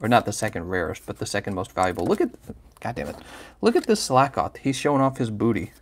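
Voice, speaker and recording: A man's voice: lowish voice, very animated, fast. A man hosting a livestream, chatting casually and playfully while opening trading card packs and teasing viewers by name.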